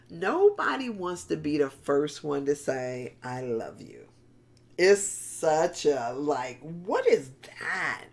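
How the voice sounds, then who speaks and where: Woman pastor, middle-aged, conversational sermon, lively pitch, unhurried delivery. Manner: conversational, animated, repeats words and restarts often; addresses congregation as y'all.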